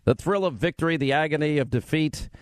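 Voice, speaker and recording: A man's voice: a little high, brisk, no echo. A man hosting a radio talk show, rambling and teasing in casual on-air banter.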